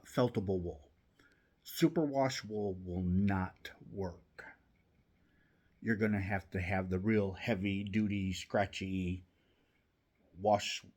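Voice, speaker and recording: Slow, husky-voiced man chatting. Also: on the low side. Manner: rambling, chatty, with many restarts. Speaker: knitting channel host. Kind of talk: casual chat while knitting.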